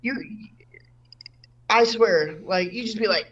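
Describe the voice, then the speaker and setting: A woman's voice: medium pitch, slow, fairly bright tone, breathy edge, recorded from a distance, lo-fi sound. A woman doing a stand-up comedy set from home over a video call, in a rambling, self-interrupting way. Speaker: stand-up comic. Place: home room.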